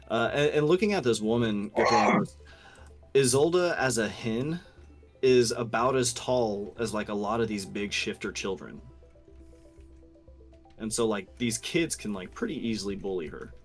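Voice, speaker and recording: A man's voice: fairly low pitch, expressive, moderate pace. A young man narrating as game master in a tabletop game, casual, swearing, with many fillers and restarts, faint music behind.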